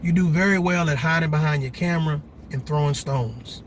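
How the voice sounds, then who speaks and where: A man's voice: a little high, a little fast, slight background noise. A middle-aged man giving a passionate, preacher-like commentary monologue, emphatic and repetitive. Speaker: commentary vlogger.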